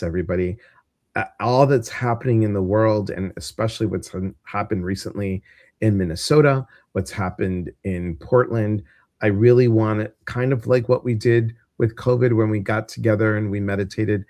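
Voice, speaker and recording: A man's voice: on the low side, normal speed, a little mellow, no echo, clean studio sound. A man with a Midwestern American accent hosting a casual livestream, chatty and rambling with lots of fillers. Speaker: host.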